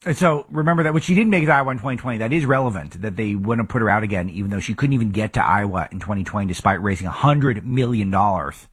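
A man's voice: on the low side, fast, few pauses, slightly rough. A man hosting a political talk show, giving emphatic commentary full of rhetorical questions.

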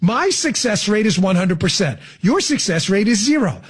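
A man hosts political talk radio with sarcasm and heavy emphasis. His voice sits high for a man and swings widely in pitch, with a husky grain. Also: big pitch swings, moderate pace. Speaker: radio talk show host.

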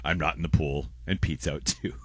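A man's voice: very deep voice, moderate pace, a little mellow, husky, no room sound. A man co-hosting a casual morning radio show, reading out listener messages and rambling with restarts and laughs. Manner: rambling, self-interrupting, laughs often.

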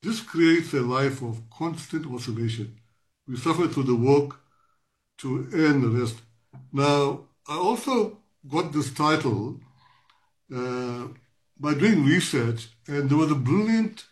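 Interview guest, man in his sixties, professorial and reflective, many ums and restarts, medium pitch. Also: measured pace, darkish tone. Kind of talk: interview answer.

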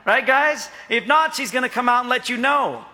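The middle-aged pastor here sounds very high-pitched, animated, pushed, and bright, keeping a moderate pace. His sermon is jokey, and he invites replies from the congregation in a hall full of echo.

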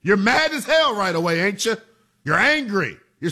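Male sports talk host, bright forceful tone, animated emphatic delivery. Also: sits high, normal speed. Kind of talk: sports talk radio monologue.

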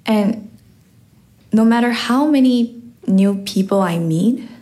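A teenage girl tells a personal story to a live audience. Her delivery is slow, reflective and unhurried, with an even, mid-pitched voice. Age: teens. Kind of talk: personal story told on stage.

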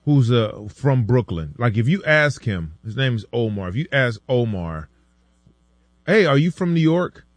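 Animated male sports talk co-host. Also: mid-range voice, measured pace, no room sound. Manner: animated storytelling, acts out friends' lines.

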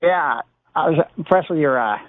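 A man's voice: on the high side, lively intonation, normal speed, no echo. A man calling into a radio show, talking in an easygoing way. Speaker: caller. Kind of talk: phone-in chat. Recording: tinny phone line.

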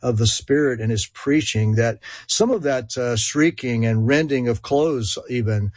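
Georgia-accented man, halting, dry sound. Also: medium pitch, lively intonation, a little mellow, no echo. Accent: rural Georgia. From Georgia, USA. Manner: hesitant, many fillers and restarts, chuckles. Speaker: guest expert. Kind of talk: radio call-in discussion.

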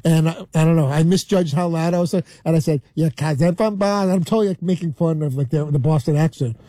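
A man with a New York accent, a regular on a radio show, telling a story in halting bursts with many restarts. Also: a little high, dark tone, no room sound. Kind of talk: rambling storytelling.

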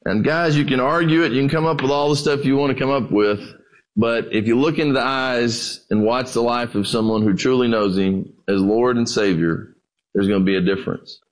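A man's voice: medium pitch, fairly even intonation, a little fast, poor audio. A man preaching a sermon, a conversational and folksy storyteller who talks straight to his listeners. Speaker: pastor.

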